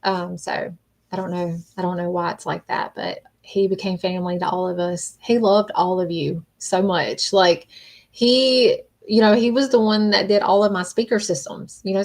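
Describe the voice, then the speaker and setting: A woman hosting a casual livestream, talking in a halting, rambling way and greeting viewers by name. She is emotional and close to tears. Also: medium pitch. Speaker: livestream host.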